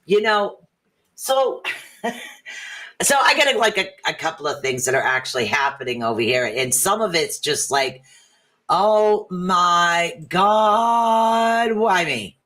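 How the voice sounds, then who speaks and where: A woman's voice: extremely low pitch, sing-song, moderate pace, pushed and bright. A middle-aged woman hosting a casual chat stream, talking in a chatty, rambling way that jumps between thoughts. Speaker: livestream host.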